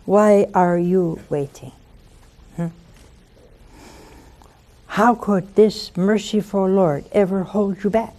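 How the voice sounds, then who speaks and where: A woman's voice: medium pitch, steady tone, slow, pauses often, warm tone. A woman hosting a religious call-in show, preaching devotionally and coaxing listeners with intimate questions.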